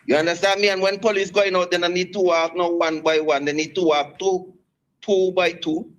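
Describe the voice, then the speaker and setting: Male radio caller over phone, high-pitched, halting and rambling. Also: steady tone, lo-fi sound. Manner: rambling, halting, many restarts. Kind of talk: call-in radio talk.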